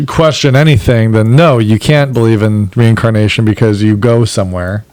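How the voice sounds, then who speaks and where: A man co-hosting a podcast in casual chat, quick with joking asides and quips. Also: on the low side, fairly even intonation, a little mellow, a little hiss or hum. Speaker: podcast co-host.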